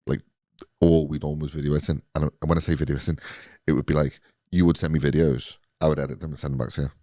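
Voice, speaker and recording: A man's voice: rumbling low, level tone, quick pace, mellow, no room sound. A man in his late thirties hosting a casual podcast chat, talking in a loose, agreeable way. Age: 30s. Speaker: podcast host.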